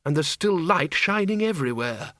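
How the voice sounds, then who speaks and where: A man voicing a mild-mannered undead old man who reasons calmly through problems. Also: on the high side, moderate pace, no room sound, clean studio sound, voice pushed up. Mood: puzzled.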